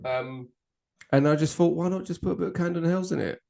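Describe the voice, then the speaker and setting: A man's voice: fairly high pitch, brisk, gravelly, warm tone, a little hiss or hum. A man co-hosting a casual drinks podcast, swearing, laughing and teasing his friend. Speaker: podcast co-host. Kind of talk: casual banter over drinks.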